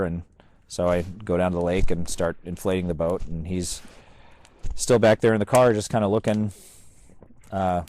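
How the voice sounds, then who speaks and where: A man casually telling a story about his outdoor research, halting and full of "uh" and "you know". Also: sits low, a little mellow. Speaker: bigfoot researcher vlogger.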